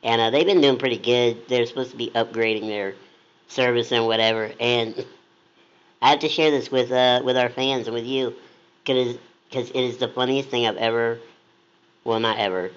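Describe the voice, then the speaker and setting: A man's voice: medium pitch, normal speed, smooth. A man co-hosts a casual chat and tells his story with plenty of energy, acting out the voices of the people in it. The recording sounds dull and lo-fi. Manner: animated, acts out quoted voices. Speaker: blog co-host.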